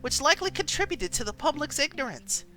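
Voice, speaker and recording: Streamer lady doing a high bright newscaster lady, sharp and probing, bouncy delivery. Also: sing-song, fairly quick, soft background music, heavily acted. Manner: crisp, pointed questioning. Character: sharp, probing female TV news anchor.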